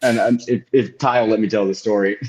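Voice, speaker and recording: A young adult man on a podcast telling stories in an animated way and acting out what people said. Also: lowish voice, fairly quick. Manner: animated storyteller, acts out quotes. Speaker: podcast co-host. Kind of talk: casual chat, storytelling. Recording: dull lo-fi audio.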